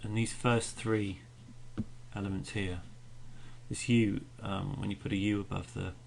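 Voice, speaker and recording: Gravelly-voiced male teacher explaining poetry. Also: fairly low pitch, level tone, a little slow, background noise. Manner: explains patiently, beats out stresses aloud. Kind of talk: recorded poetry lesson podcast.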